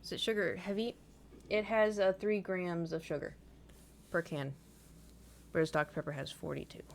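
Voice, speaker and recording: A woman's voice: fairly low pitch, fairly even intonation, moderate pace, vocal fry, a little hiss or hum. A young woman with a slight lisp from braces, chatting casually on a live stream and telling rambling, self-mocking stories with frequent laughter.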